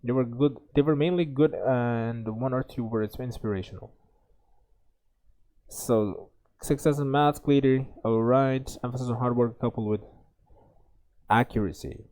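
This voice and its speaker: Hesitant Uzbek-accented man with a mellow voice. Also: medium pitch, unhurried, long pauses. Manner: hesitant, many fillers and restarts. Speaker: IELTS tutor. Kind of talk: think-aloud exam lesson.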